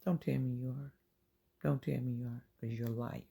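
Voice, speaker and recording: Super husky gravelly voice, earnest preachy faith talk, repeats itself, slips into whispers. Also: medium pitch, fairly even intonation, a little fast, dark tone. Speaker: channel host sharing faith encouragement. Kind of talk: informal inspirational faith talk.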